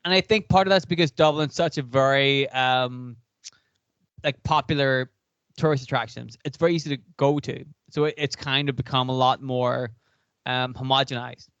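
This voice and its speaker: A man's voice: mid-range voice, fairly even intonation, moderate pace, a bit bright, clear, resonant tone, no room sound. Chatty Irish man, a bit lo-fi. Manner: rambling, heavy use of "like". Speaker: podcast co-host. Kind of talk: casual chat.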